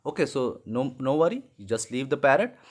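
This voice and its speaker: A man's voice: medium pitch, sing-song, a little fast. A man teaching animal sounds to young children, patient and repeating key words. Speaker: English teacher. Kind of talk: slow lesson for young children.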